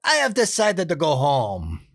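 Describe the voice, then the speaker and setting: A man voicing a pleading, nice-guy man with a put-on Spanish accent, in the hoarse, scratchy style of old dubbed films. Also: a little high, huge pitch swings, unhurried, dry recording, voice pushed up, heavily acted.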